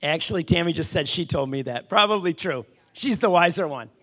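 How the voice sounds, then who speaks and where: Gravelly pastor telling a story. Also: male voice, on the high side, brisk. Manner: animated, self-deprecating, speaks to the congregation. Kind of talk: storytelling sermon.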